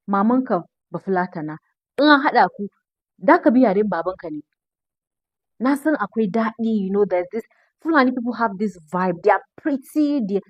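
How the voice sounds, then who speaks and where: A woman's voice: a little high, husky, no echo, highs cut off. A woman from northern Nigeria with a Nigerian accent, giving emphatic social media commentary and repeating her points.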